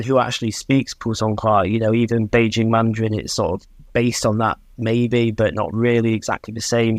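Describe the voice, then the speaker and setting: Podcast guest: man, lowish voice, thoughtful and self-deprecating, dry close mic. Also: no room sound. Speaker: guest, Chinese teacher. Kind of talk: podcast interview.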